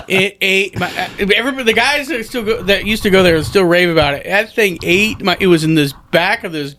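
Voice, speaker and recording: A man's voice: fairly high pitch, a bit bright, no room sound. A man who is a stand-up comedian talking casually on a podcast in a rambling, self-deprecating way, with many restarts.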